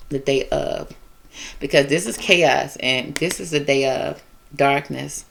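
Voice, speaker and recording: A woman's voice: deep voice, fairly even intonation, creaky. A woman giving a casual tarot reading, talking in a loose, emotive, repetitive way with features. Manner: conversational, repetitive, emotive, drawn-out phrasing. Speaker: tarot reader.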